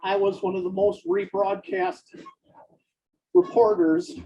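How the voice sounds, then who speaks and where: A man dictating fiction aloud, speaking each punctuation mark in a slow, deliberate way. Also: high-pitched, wildly swooping pitch, dark tone, muffled recording. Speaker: author dictating a novel.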